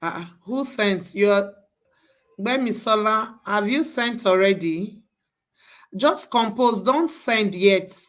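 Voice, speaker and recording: A woman teaches a live tech class at an unhurried pace. She coaxes her students through each step, repeating directions until everyone catches up. Her voice sits at an ordinary middle pitch. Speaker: bootcamp instructor.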